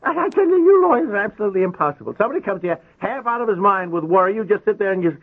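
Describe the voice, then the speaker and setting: An actor playing a flustered, anxious homeowner who stammers and gets exasperated, in 1950s radio acting style. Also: male voice, high voice, big pitch swings, rapid-fire, husky, exaggerated voice. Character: flustered anxious male homeowner, middle-aged. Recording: tinny old radio broadcast recording.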